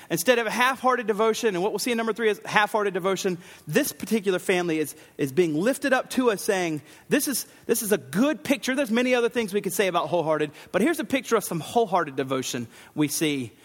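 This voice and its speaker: A man preaching a sermon as pastor, animated, acting out the lines of the people in his text. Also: high voice, long reverb tail. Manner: animated, acts out Bible figures' lines.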